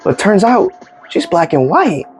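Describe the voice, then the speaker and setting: Man vlogger, storytime, lively swooping pitch, rambly, faint music under him. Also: a little slow. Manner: rambling, animated, acts out dialogue. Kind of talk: casual storytelling.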